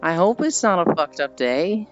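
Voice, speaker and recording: A woman's voice: fairly low pitch, lively intonation, moderate pace, highs cut off, faint music behind. A woman streamer chatting casually and rambling with frequent giggles while she walks. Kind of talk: casual chat while walking.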